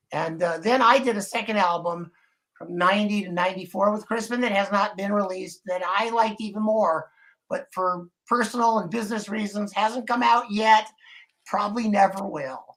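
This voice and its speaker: A man's voice: high-pitched, fairly bright tone. Older guy guest on a livestream, rambly candid storytelling, casual. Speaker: guest musician. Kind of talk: casual live-stream chat.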